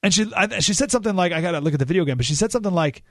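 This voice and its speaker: A male radio talk show host tells a story with a lively delivery and a slightly high voice. He rises sharply in pitch whenever he acts out quotes. His studio mic sounds close and dry, with no room echo. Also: racing.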